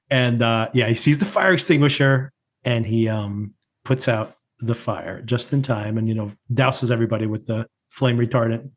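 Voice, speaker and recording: A man of ordinary pitch co-hosts a casual podcast. He retells scenes from a TV episode with frequent laughter, in a loose, chatty way. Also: measured pace. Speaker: podcast co-host. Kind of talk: casual chat reviewing a TV episode.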